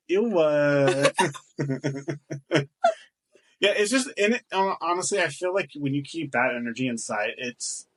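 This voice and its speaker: A man's voice: on the high side, animated, a little slow, a bit bright. A man co-hosting a casual podcast chat, loose and jokey, swearing and laughing often. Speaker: podcast co-host.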